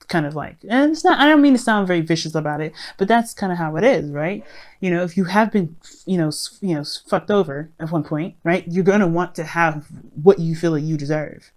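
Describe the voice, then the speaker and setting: Low-voiced woman, rambling tarot reader. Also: a little fast. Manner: rambling, many fillers and restarts; addresses viewers directly, friendly. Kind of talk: casual tarot reading monologue.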